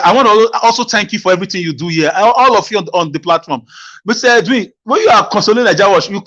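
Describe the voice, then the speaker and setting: A man calling into a live talk show, speaking earnestly with frequent stammering restarts. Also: fairly bright tone. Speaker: caller. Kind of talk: call-in comment. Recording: muffled low-fidelity line.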